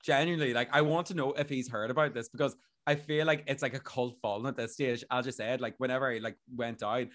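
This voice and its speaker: A man's voice: medium pitch, fairly even intonation, quick pace, hardly any pauses, fairly bright tone. Chatty young man podcasting. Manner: chatty, lots of fillers, laughs easily. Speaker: podcast host. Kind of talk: casual chat.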